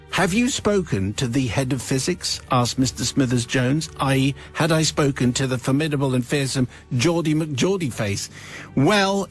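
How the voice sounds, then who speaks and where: A radio host reading a listener's confession letter aloud with wry, theatrical storytelling, in a studio. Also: male voice, on the high side. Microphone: studio microphone.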